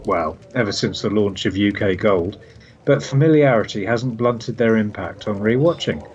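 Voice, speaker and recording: A man's voice: on the low side, a little mellow. A man co-hosting a podcast, chatting casually and reading out listener messages with frequent hesitant restarts. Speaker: podcast co-host. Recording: slightly dull sound with faint noise.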